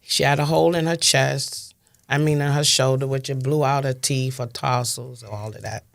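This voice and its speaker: A woman's voice: rumbling low, steady tone, moderate pace, vocal fry. Impassioned New York woman in her fifties. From Brooklyn, New York. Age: 50s. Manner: impassioned, emphatic, repeats phrases for stress. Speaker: interview guest. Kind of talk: emotional interview testimony.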